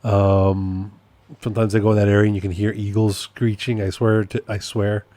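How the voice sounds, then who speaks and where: Rambling, self-amused man, low mellow voice. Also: little pitch movement, normal speed, no room sound. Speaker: podcast host and process server. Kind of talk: casual solo podcast update.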